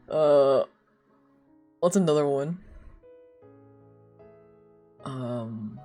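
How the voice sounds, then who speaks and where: A young woman streaming live, chatting casually in a rambling, giggly way with lots of filler words. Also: very deep voice. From United States.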